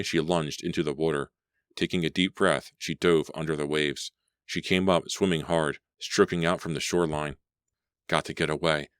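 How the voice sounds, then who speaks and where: A man narrating a horror audiobook with a slow, suspenseful reading. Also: rumbling low, no echo, clean studio sound.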